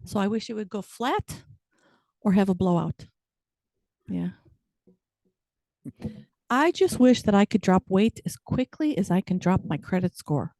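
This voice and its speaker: A woman's voice: mid-range voice, lively intonation, unhurried, pauses often, warm tone, no room sound. A woman in her fifties performing a stand-up comedy set with wry, self-deprecating punchlines. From United States. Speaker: stand-up comic.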